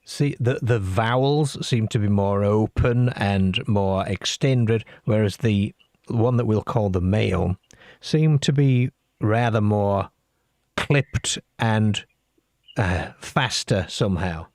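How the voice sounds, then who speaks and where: Low gravelly guy hosting late-night call-in radio, slow and steady, dry close sound. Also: no room sound. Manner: slow, measured, with many fillers. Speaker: host of a call-in show.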